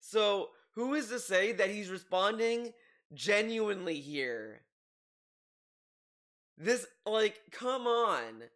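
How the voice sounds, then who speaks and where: A man's voice: sits high, lively intonation, takes it slowly, long pauses, fairly bright tone. Rambling male commentator. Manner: rambling, many restarts and asides. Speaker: commentary youtuber. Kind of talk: casual commentary.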